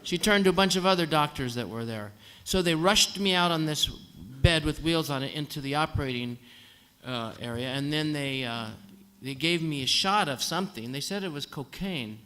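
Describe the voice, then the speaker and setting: A man's voice: fairly high pitch, normal speed, hardly any pauses, pushed and bright, clean tone. A man telling a dry, humorous story to a concert audience, acting out the voices of the nurses and doctors. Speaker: singer telling a story on stage. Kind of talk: comic storytelling at a live concert. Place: concert hall on stage.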